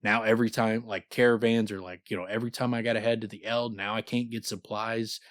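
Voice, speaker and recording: A man's voice: fairly low pitch, flat delivery, fast talker, no room sound, clean studio sound. A man co-hosting a podcast, chatting casually about a book, rambling and swearing freely and reading passages aloud. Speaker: podcast co-host.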